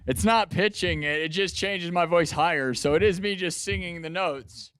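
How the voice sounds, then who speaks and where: A man's voice: high voice, moderate pace, a bit bright, clean tone, dry recording. A man hosting a music livestream in casual chat, laid-back and calling his viewers dudes and bro, his throat a little strained from screaming. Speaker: livestream host and improv musician.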